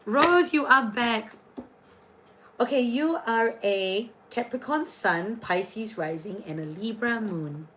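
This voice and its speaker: A woman with a slightly high voice chats playfully through a livestream, reading out astrology signs for viewers. She hops quickly from comment to comment. A faint hiss of background noise sits under her voice. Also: expressive, fairly bright tone, rough recording. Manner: chatty, playful, jumps between comments. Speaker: livestream tarot and astrology reader.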